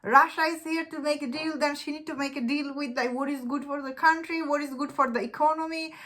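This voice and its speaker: Bright, chatty woman reviewing a show. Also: high voice, fairly even intonation, a little fast. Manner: chatty and enthusiastic, many fillers and restarts; loose, informal English phrasing. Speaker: movie reviewer. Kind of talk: casual spoken review.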